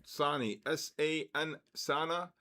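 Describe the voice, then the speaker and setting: Excitable man hosting a livestream giveaway. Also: a little high, slow pace. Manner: excitable, calls out numbers and names, exclaims loudly. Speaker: livestream host running a giveaway. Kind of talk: casual livestream chat.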